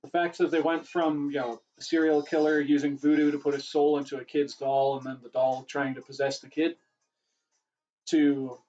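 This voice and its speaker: A man's voice: fairly high pitch, level tone, normal speed, darkish tone, lo-fi sound. A man hosting a casual livestream Q&A, rambling and correcting himself, his voice getting worn. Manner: rambling, self-correcting, chatty. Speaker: livestream host answering questions.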